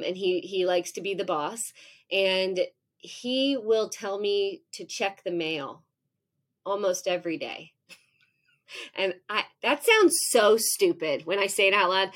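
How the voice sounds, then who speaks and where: A woman in her forties, a professor speaking as a podcast guest, explaining in a frank, self-mocking way and acting out her own outbursts. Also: mid-range voice. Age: 40s. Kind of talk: candid conversational explaining.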